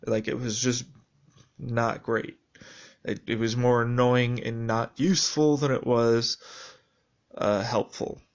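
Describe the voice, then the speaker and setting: A man talking through a reflective personal video journal in a rambling, halting way with many fillers. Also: mid-range voice, steady tone, dull audio.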